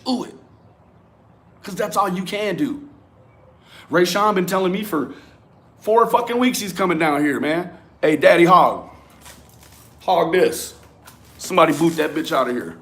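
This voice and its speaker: A man's voice: high voice, unhurried, long pauses, a bit bright. A young man hosting a livestream, ranting profanely and calling out chat commenters by name. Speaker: livestream host.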